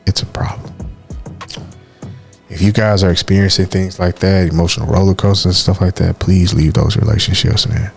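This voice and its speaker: A man's voice: low voice, steady tone, moderate pace, vocal fry, darkish tone, soft background music. A man co-hosting a podcast, speaking candidly and heartfelt about his life, often saying "man". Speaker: podcast co-host. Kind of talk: candid personal talk.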